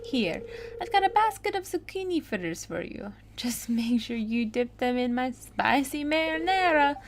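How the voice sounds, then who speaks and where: A woman's voice: high voice, big pitch swings, normal speed. A woman voicing a kindly male chef in a video game, with a put-on Italian accent, generous and coaxing.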